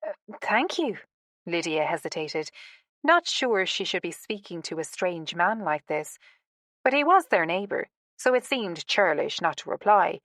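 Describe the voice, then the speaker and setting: A woman narrating a romance audiobook in a measured, expressive storytelling manner. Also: lowish voice, dry recording, clean studio sound. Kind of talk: scripted narration.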